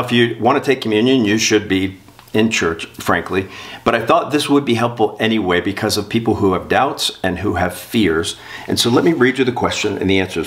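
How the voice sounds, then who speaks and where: A pastor with a low, deep voice gives a sermon in a church. He reads passages aloud from a storybook and a catechism and then leads the congregation in prayer. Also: a bit bright.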